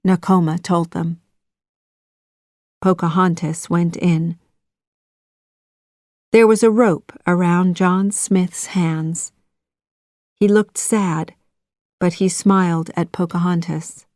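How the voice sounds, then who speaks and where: A woman narrating a children's audiobook in a measured, clear storytelling manner. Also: fairly low pitch, steady tone, darkish tone, no room sound, clean studio sound.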